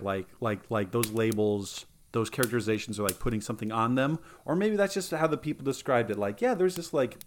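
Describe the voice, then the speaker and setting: A man's voice: medium pitch, a little hiss or hum. A man co-hosting a podcast in casual chat, rambling, thinking aloud through restarts. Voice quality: rambling, many filler likes and restarts. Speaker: podcast co-host.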